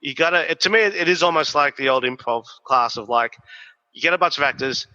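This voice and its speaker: A man, co-hosting a podcast and telling stories in a lively, swearing, casual way. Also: a little high, fast talker. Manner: animated, profane storytelling. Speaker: podcast co-host. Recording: dull, reverberant recording.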